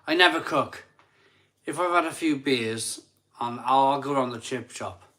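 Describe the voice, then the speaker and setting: Somewhat drunk and weary, a live stream host casually reads out super chats from viewers, rambling and saying things twice. He talks at normal speed, with a medium-pitched voice that is pushed and bright.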